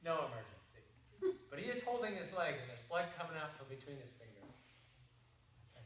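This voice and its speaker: A middle-aged man tells a story to a seminar audience in a folksy, rambling way, circling back and restarting his sentences. His voice sits a little high for a man. He is picked up from a distance in a very echoey room, with faint room noise behind him. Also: animated, normal speed, fairly bright tone. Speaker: seminar presenter.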